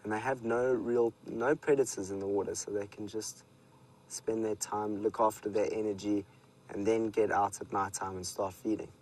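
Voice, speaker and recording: Safari guide, male, South African accent, lowish voice, laid-back live commentary outdoors. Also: moderate pace, rough recording. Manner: relaxed storytelling, speaks to viewers. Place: outdoors in the bush.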